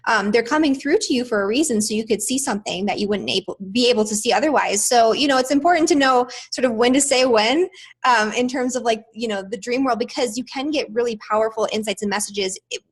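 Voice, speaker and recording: A woman's voice: a little high, fast talker, husky. A woman hosting a casual chat on astrology, talking easily with many "like" fillers. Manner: chatty, lots of "like" fillers. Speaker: astrology channel host.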